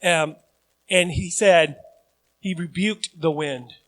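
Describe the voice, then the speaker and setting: A man preaching a sermon as pastor, mixing chatty asides to the congregation with loud, emphatic calls. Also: a little high, slow.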